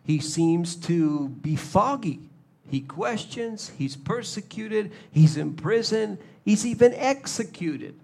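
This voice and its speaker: Gravelly-voiced preacher. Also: male voice, sits high, slow. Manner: animated, acts out little scenes in shifting voices. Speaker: pastor. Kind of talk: sermon.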